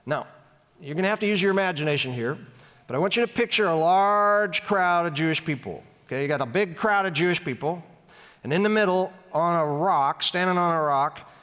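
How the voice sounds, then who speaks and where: A man preaching a sermon as pastor, conversational and storytelling, slowing down hard to make his points. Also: a little high, fairly bright tone, long reverb tail. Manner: conversational, storytelling with dramatic slowdowns. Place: church sanctuary.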